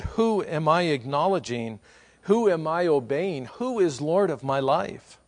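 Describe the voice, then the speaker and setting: A man preaching a sermon, asking rhetorical questions and building to slow, emphatic repetitions. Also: fairly high pitch, lively intonation. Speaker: pastor.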